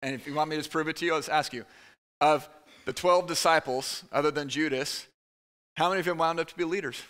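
A man preaching a conversational sermon to his church, with quick asides to the room. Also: fairly high pitch, fairly bright tone. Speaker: pastor. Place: church sanctuary.

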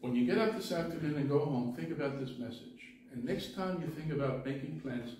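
Earnest pastor in an echoey church. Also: male voice, fairly high pitch, expressive, fairly quick, a little mellow, far from the mic, slight background noise. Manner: earnest, stumbling restarts. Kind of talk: sermon. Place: church sanctuary.

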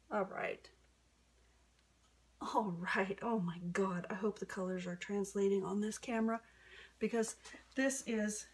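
A woman's voice: mid-range voice, steady tone, unhurried, pauses often, breathy edge. A woman artist narrating her painting in a casual, gushing way, often dropping into a whisper, recorded on a camera on a stand. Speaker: acrylic pour artist.

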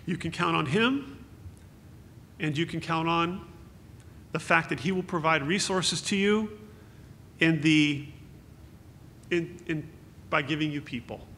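A man's voice: on the high side, slow, long pauses, a bit bright. A man giving an earnest, consoling memorial sermon as pastor, quoting scripture. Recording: echoey hall with faint hum.

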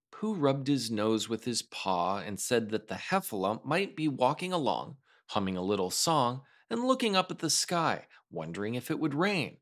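A man reading a children's storybook aloud as a storyteller. His delivery is expressive and animated, and his voice sits at a middle pitch with a lively, wide-ranging melody. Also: normal speed, hardly any pauses.

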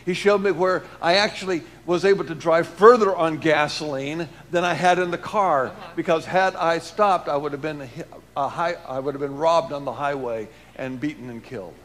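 A man preaching and telling a personal testimony, swinging between loud emphatic lines and hushed low ones. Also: normal speed, few pauses. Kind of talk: testimony sermon.

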